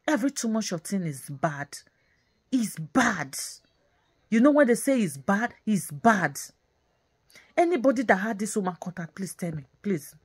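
A woman's voice: mid-range voice, sing-song, normal speed, slightly rough. A woman vlogger ranting angrily, scolding in repeated phrases and slipping into Pidgin. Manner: scolding, repetitive, mixes in Nigerian Pidgin. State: angry and bitter. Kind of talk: angry ranting commentary.

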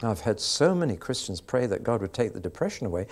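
A man's voice: fairly low pitch, big pitch swings, fast, a little mellow. A man preaching a sermon, telling anecdotes with dry humour.

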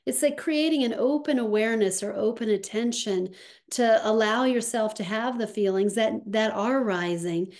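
A woman speaking as a somatics practitioner in an interview, slow and reflective, with soft pauses. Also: a little high. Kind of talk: conversational interview.

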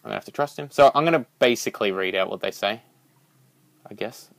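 A young man giving rambling, excitable let's-play commentary as a gaming channel host, swearing when startled. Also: fairly low pitch, a little fast, gravelly, dry recording.

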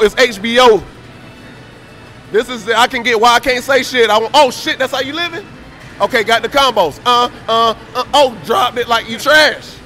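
A man's voice: very high-pitched, pushed and bright. A man trash-talking on a stream mic, boastful, taunting and profane. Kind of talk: brash trash talk.

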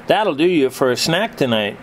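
A man voicing a motherly woman who bakes, talking in a homey, gently fussing way. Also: a little high, big pitch swings, normal speed, slight background noise.

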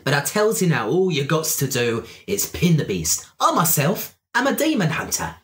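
A man's voice: on the high side, huge pitch swings, normal speed, a bit bright, voice pushed up. A man voicing a squat little male carnival barker with folksy, ungrammatical sales patter. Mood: wheedling. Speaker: game master voicing a character.

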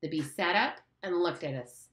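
A woman's voice: lowish voice, moderate pace, fairly bright tone, echoey room, lightly acted. A woman playing a proud, bossy boy leader. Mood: defiant. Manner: bossy, defiant, blustering. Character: proud, hot-tempered boy hunt leader.

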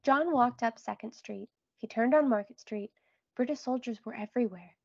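A woman reading a children's storybook aloud, clear and expressive. Her voice sits somewhat high, and the recording is dry and slightly dull. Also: normal speed, no echo. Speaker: read-aloud narrator. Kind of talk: children's book read-aloud.

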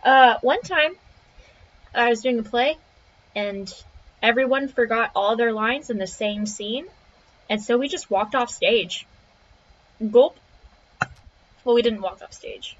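A woman's voice: on the high side, takes it slowly, pauses often. A young woman streaming a game, joking, swearing and getting exasperated. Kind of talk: casual live-stream commentary. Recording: crunchy lo-fi stream audio.

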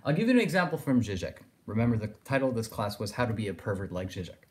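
Guy lecturing on philosophy, talks it through out loud, kind of rambly. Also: lowish voice, big pitch swings, quick pace, slight background noise. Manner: discursive, thinking aloud with fillers like "in a sense". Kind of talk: recorded lecture.

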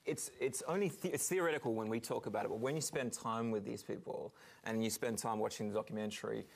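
A man's voice: fairly low pitch, fast, creaky. A man from Queensland with an Australian accent, a guest on a chat show, talking earnestly and hesitating often. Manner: earnest, hesitant with many ums. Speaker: documentary maker, guest.

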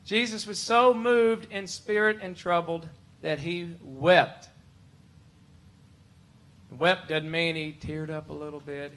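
A worship pastor preaching a conversational, emphatic sermon full of rhetorical questions. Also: male voice, on the high side. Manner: emphatic, shifts to loud pleading when voicing Martha.

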